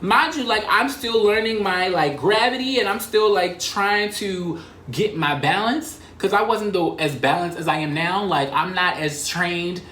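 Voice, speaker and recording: A man in his twenties telling an embarrassing story in a fast, animated and profane way, full of slang and "like" fillers. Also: high-pitched, a little hiss or hum. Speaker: vlogger. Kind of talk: casual storytime. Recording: roomy echo.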